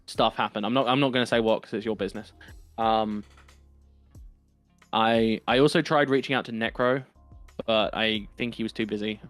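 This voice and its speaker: A man's voice: fairly low pitch, steady tone, moderate pace, pauses often, fairly bright tone, no echo, soft background music. Young East London man, sweary and rambling, podcast co-host, dry close mic. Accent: London East End. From England. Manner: rambling, profane, frequent ums and restarts. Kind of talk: casual chat.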